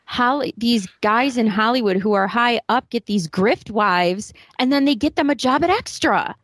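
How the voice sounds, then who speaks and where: A woman's voice: on the high side, expressive, normal speed, fairly bright tone, dry recording. A woman co-hosting a podcast, sarcastic and indignant, with plenty of swearing. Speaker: podcast co-host. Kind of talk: casual podcast banter.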